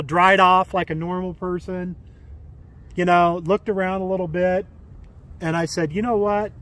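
A man's voice: high voice, a bit bright. A man in his forties telling a personal story to camera outdoors by a pool, rambling with many fillers and restarts. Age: 40s. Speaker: vlogger.

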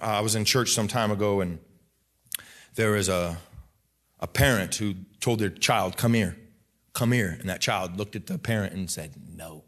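A man in his thirties, a pastor preaching a lively sermon who acts out people's voices and raises his voice to a shout for emphasis. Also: lowish voice, normal speed.

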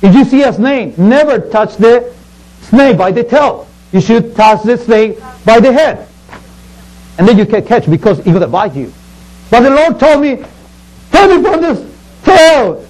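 A man's voice: very high voice, animated, moderate pace, darkish tone, low-quality recording. A man preaching to children as a pastor, telling a Bible story in the first person in simple, broken English and acting it out theatrically.

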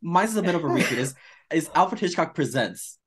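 A man co-hosting a podcast in casual chat, animated and campy, calling people darling. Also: a little high, fairly quick, slightly rough. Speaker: podcast co-host.

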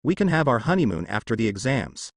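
An affectionate young male ninja, earnest and tender, read by a man in his own voice. The delivery is lively in pitch and the sound is dry and close. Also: fairly quick, no room sound.

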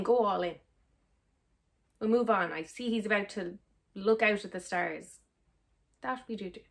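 A young woman with an Irish accent, chatting sarcastically and animatedly as she reacts to a film trailer. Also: fairly high pitch. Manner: sarcastic and animated, mock-exasperated. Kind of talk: casual reaction chat.

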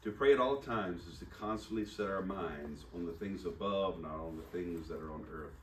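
In an echoey room picked up by a distant mic, a low-pitched pastor speaks at normal speed during a sermon. He shares a personal story conversationally, pokes fun at himself, and acts out the dialogue, with slight background noise.

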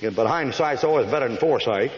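A man's voice: medium pitch, expressive, slight background noise. A man preaching a folksy, joking sermon in a church hall, rattling off long lists at speed. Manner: folksy, joking, rapid listing. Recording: echoey lo-fi old hall recording.

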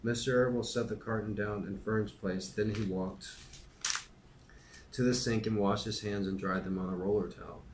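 A man's voice: on the low side, normal speed, background noise. A man hosting a podcast, chatting casually with many fillers and then reading a children's book aloud. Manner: relaxed, hesitant, many fillers.

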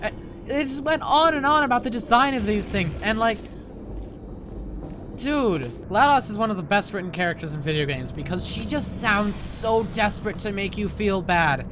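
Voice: medium pitch, lively intonation, moderate pace, noisy background. Playful, rambling gameplay commentator. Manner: playful, rambling, jokey asides. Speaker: video game let's player.

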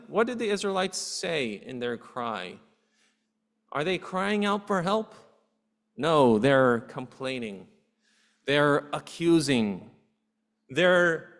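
A man's voice: fairly high pitch, lively intonation, a little slow, fairly bright tone. A man pastor preaching a sermon earnestly, asking his congregation rhetorical questions. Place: church sanctuary. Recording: long hall reverb in a church.

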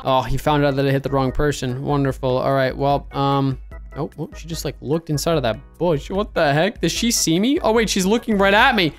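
A young adult woman giving slangy, trash-talking gameplay commentary. She swings between low, scheming mutters and loud, excited outbursts. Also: fast, faint music behind. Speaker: gaming video creator.

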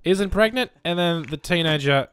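A man's voice: sits high, moderate pace, fairly bright tone. A young man giving chatty gameplay commentary as a let's play host, muttering reactions as he goes.

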